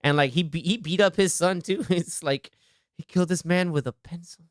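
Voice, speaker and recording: Smooth-voiced young man, excited movie chat. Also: high-pitched, moderate pace, no room sound, studio quality. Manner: excited, acts out movie lines while retelling scenes. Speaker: podcast host.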